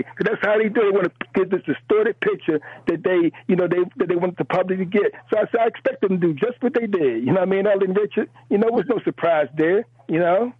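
Male call-in caller, fired up, repeats himself; husky, high-pitched, thin phone sound. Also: fast talker, few pauses, no room sound. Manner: emphatic, repeats words, rambling. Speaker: radio show caller. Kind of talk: impassioned call-in commentary. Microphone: telephone. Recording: tinny phone line.

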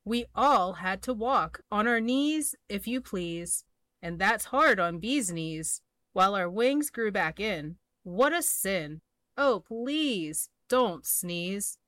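A woman's voice: mid-range voice, animated, slow, a bit bright, dry recording. A woman voicing a swarm of small indignant bees in a storybook, complaining fussily. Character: indignant little buzzing bees.

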